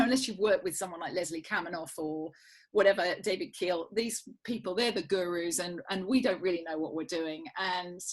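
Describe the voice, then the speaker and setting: A woman guest, a yoga teacher trainer, telling lively stories in an interview and acting out what people said. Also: medium pitch, breathy edge. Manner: animated, acts out quoted voices, frequent restarts. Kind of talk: lively storytelling interview chat.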